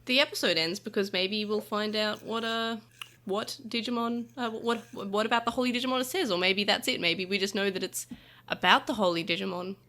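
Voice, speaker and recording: Woman, bright voice, casual podcast chat, rambling, many fillers. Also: medium pitch, steady tone, fairly quick. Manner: chatty, thinks aloud with many fillers and restarts. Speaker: podcast co-host.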